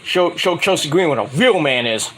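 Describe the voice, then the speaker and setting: A man's voice: fairly high pitch, expressive, moderate pace, fairly bright tone, a little hiss or hum, low-quality recording. A man ranting in a casual, rambling, profane style as a wrestling vlogger.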